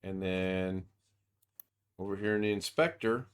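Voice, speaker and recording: A man with a lowish voice walks through a software demo on a video call. He talks casually, thinking out loud and circling back on himself mid-sentence. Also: fairly even intonation, a little slow, clear, resonant tone. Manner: thinks aloud, rambling with restarts. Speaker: software demonstrator. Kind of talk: casual screen-share tutorial.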